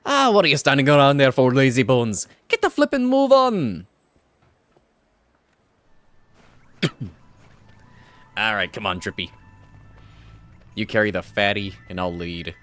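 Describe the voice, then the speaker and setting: A man voicing a cheeky, bossy little male fairy companion, talking in a loud, teasing way. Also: deep voice, fairly even intonation, measured pace, pauses often, dry recording, voice pushed down. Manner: brash, teasing, shouty.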